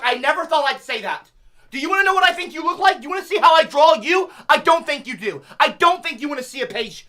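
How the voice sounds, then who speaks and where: A man's voice: extremely high pitch, lively intonation, quick pace, sharp tone, faint music behind. A man livestreaming, ranting at his chat in an exasperated, profane way.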